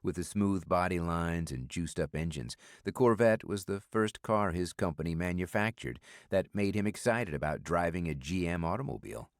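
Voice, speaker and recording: A man reading a thriller audiobook in a steady, measured scripted narration. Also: deep voice, no echo, studio quality.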